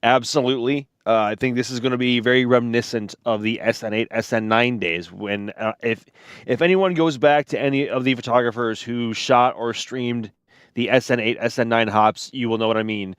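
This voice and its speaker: A man's voice: medium pitch, fairly even intonation, fairly quick, clear, resonant tone, dry recording. Dry-sounding enthusiastic male co-host. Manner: enthusiastic, stumbling restarts. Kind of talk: casual livestream commentary.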